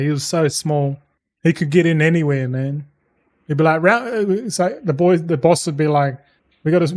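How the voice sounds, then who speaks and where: A man streaming a game, chatting in a relaxed, rambling way with plenty of swearing and stories. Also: a little high. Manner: swears freely, tells anecdotes; laid-back, loose and chatty. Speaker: gaming streamer. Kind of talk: casual rambling stream chat.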